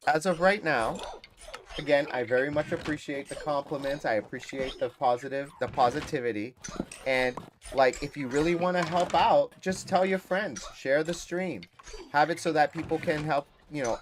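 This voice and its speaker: A man's voice: medium pitch, a little hiss or hum. Easygoing man hosting a game stream. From Massachusetts, USA. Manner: chatty, rambling and easygoing; switches freely into Spanish. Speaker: gaming livestream host. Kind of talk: casual chat with live chat viewers.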